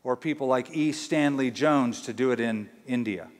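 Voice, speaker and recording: A man's voice: medium pitch, moderate pace, big-room sound. A man preaching a sermon as pastor, emphatic and full of rhetorical questions. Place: church.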